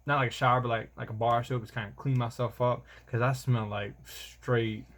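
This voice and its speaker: Young man, casual vlog storytelling, slangy and rambling, middle pitch. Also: steady tone, normal speed, fairly bright tone. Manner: rambling, slangy, keeps saying bro. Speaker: soldier vlogger.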